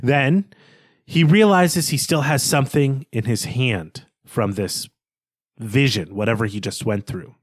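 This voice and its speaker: A man's voice: medium pitch, a little slow, no room sound, clean studio sound. A man co-hosting a podcast, who retells a story in a loose, chatty way with lots of fillers and restarts. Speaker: podcast co-host. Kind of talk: casual story recap.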